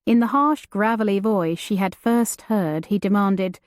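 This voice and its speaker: Slow, measured woman narrator. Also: mid-range voice, dry recording, studio quality. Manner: measured, deliberate storytelling. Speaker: audiobook narrator. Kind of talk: scripted narration.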